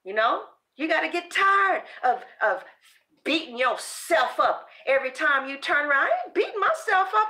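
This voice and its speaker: Her voice sits high and sounds very animated, bright and forceful at a normal speed. As the host of a tarot channel, she gives a casual, motivational self-esteem speech full of sass and preaching, with free swearing and acted-out pep talks to herself.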